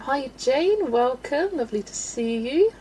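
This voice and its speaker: A woman hosting a relaxed livestream, chatting and laughing with viewers as she greets them by name. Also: sits high, a little slow, slight background noise. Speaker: livestream host. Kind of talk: chatty livestream while colouring, reading chat.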